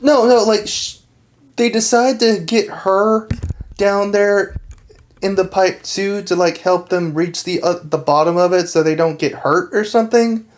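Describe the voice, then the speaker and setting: A woman in an easygoing podcast chat, her voice sitting at an ordinary middle pitch. She laughs often and retells scenes in an animated, eager way, piling one detail onto the next. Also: unhurried. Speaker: podcast co-host. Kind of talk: casual chat.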